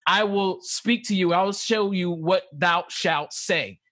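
A man in a casual Bible discussion, reading scripture slowly and acting out the dialogue with animation. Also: sits high, bright, forceful tone. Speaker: podcast co-host teaching scripture.

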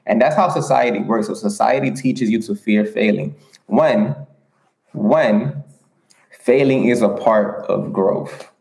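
A man's voice: on the low side, fairly even intonation, moderate pace, creaky, darkish tone, roomy sound, low-quality recording. A man giving an earnest motivational talk on a livestream, repeating himself and asking rhetorical questions. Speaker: motivational speaker.

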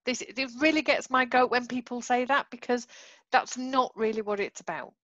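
A woman's voice: a little high, moderate pace, fairly bright tone, no room sound, dull audio. A woman co-hosting a podcast who explains patiently in a casual chat and laughs often. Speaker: podcast co-host, marketing expert.

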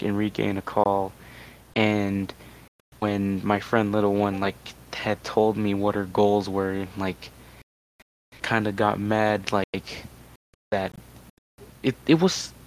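A man's voice: on the low side, rough recording. A young man hosting a casual podcast, rambling with many restarts and fillers. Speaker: podcast host. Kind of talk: casual chat.

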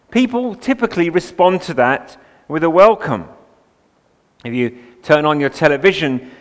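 A pastor preaching a sermon, moving between relaxed asides and emphatic, rising passages. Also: male voice, on the high side. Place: church. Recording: long hall reverb.

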